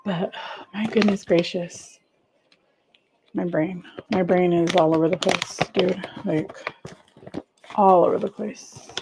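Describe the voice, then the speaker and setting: A woman's voice: lowish voice, fairly even intonation, slow pace, creaky, long pauses, a little mellow, a little hiss or hum, poor audio. A middle-aged woman chatting casually on a home livestream, rambling and talking to viewers by name while she makes coffee. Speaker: livestream host.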